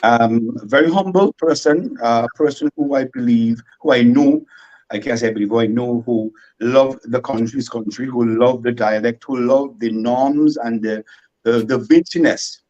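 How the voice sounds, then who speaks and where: A man from Saint Vincent with a Vincentian accent, a radio guest in casual chat, animated and prone to repeating and restarting his words. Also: medium pitch, normal speed, lo-fi sound. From Saint Vincent and the Grenadines.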